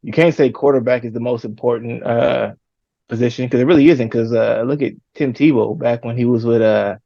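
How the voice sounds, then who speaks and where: A man's voice: medium pitch, a little fast, vocal fry, warm tone, no echo. Blunt, profane man on a dull mic. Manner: blunt, profane, loose slang. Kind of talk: casual sports chat.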